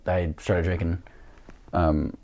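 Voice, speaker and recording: A man's voice: sits low, little pitch movement, slow pace, a little mellow. A young man with a grainy voice, a jiu-jitsu coach telling stories as a guest in a casual chat, full of fillers and laughs. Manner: rambling storyteller, many fillers and laughs.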